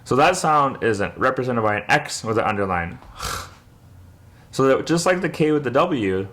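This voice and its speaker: A man's voice: medium pitch, expressive, normal speed, fairly bright tone. A young man teaching a word's pronunciation in a patient lesson, repeating each sound for the listener to copy. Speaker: language teacher.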